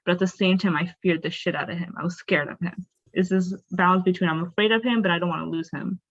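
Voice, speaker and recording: A woman's voice: fairly low pitch, steady tone, fast talker, dull audio. A young woman of Bengali family background, speaking candidly and earnestly as a podcast guest, with lots of casual fillers. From raised in a Bengali family. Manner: candid, earnest, uses many fillers like "like" and "you know". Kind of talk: personal storytelling in a conversation.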